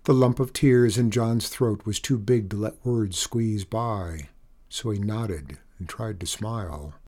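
A man's voice: fairly low pitch, measured pace, a little mellow. Man narrating an audiobook.

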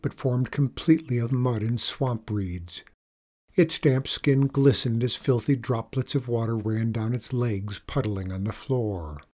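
A man narrating a first-person story aloud in a measured, unhurried storytelling manner. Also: mid-range voice, darkish tone. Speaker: audiobook reader.

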